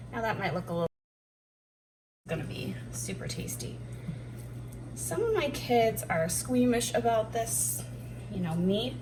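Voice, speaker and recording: A woman's voice: fairly low pitch, noisy background. Chatty mom cooking in her kitchen. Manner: chatty, self-deprecating, thinks aloud while working. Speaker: homeschooling mom cooking on camera. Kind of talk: casual cooking chat. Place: home kitchen. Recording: distant mic with clattering dishes behind.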